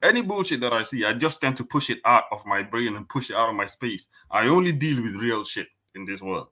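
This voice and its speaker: A man speaks in an impassioned, emphatic way during a casual panel chat. His voice has a bright edge and a middle pitch. He presses his points hard. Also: expressive, fairly quick. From Africa. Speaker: panel guest.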